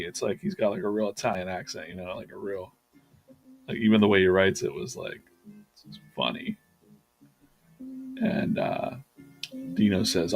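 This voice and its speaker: Speaking at a normal speed with long pauses, a man whose voice sits low chats casually during his live drawing stream. As an artist streaming himself at work, he retells a story loosely, rambling with lots of fillers, restarts and self-corrections.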